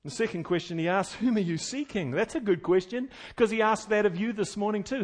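Preaching a sermon, a middle-aged male pastor swings between loud, emphatic delivery and quiet, folksy storytelling sprinkled with chuckled asides. His voice sits high and his pace is brisk.

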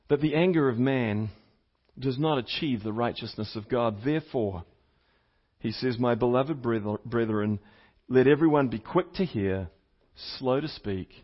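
A man preaching a sermon as a pastor, teaching step by step, repeating key points for emphasis, and putting questions to the congregation. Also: mid-range voice. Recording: slightly dull, lo-fi sound.

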